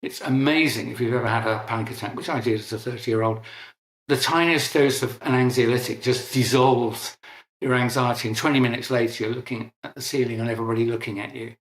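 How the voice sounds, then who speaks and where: A man's voice: mid-range voice, steady tone, brisk, reverberant. A middle-aged man, an interview guest, explaining at length in a conversational, emphatic way and correcting himself as he goes.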